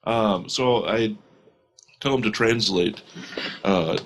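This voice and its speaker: A man playing a tabletop game, speaking in character in a measured, diplomatic way. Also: on the low side, slight background noise. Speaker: player.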